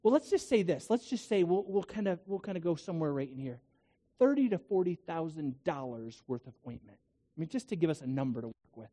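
Mellow-voiced man preaching. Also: on the high side, very animated, fairly quick. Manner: conversational preaching with rhetorical questions and asides. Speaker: pastor. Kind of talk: sermon.

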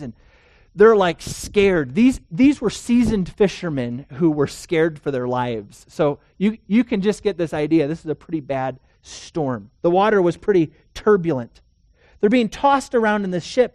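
A pastor delivering a sermon in a dry, close recording. The voice sits at a middle pitch and swings from loud, urgent passages to hushed, near-whispered ones. Rhetorical questions are put straight to the audience. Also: expressive, moderate pace, no room sound.

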